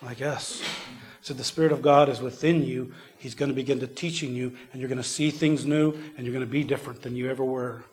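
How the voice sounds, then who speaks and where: A man preaching a sermon in a church, earnest and repetitive, falling to a near whisper before swelling loud again. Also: medium pitch, steady tone, a little fast. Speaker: pastor. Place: church service.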